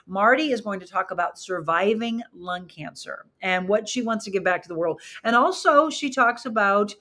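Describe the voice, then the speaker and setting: A woman's voice: medium pitch, expressive, normal speed, sharp tone. Chatty woman host reading viewer comments. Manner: chatty, reads comments aloud, asks viewers questions. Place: studio with flowers behind her.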